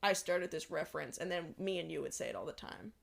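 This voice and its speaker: A woman's voice: low-pitched, lively intonation, fast talker, creaky. A young woman co-hosting a podcast in casual chat, laid-back and swearing casually. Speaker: podcast co-host.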